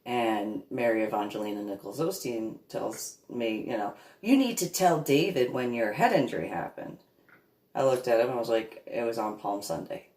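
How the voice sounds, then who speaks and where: A woman's voice: very deep voice, expressive, normal speed, darkish tone, reverberant. A woman telling a long personal story in a rambling, casual way, laughing along and acting out what others said. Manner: laughs at her own story, acts out others' voices.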